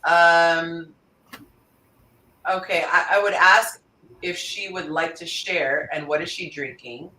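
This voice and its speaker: A woman hosting a casual panel chat, animated and laughing often as she reads listener answers aloud. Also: lowish voice, slow, long pauses, reverberant, distant mic, rough recording. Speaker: host.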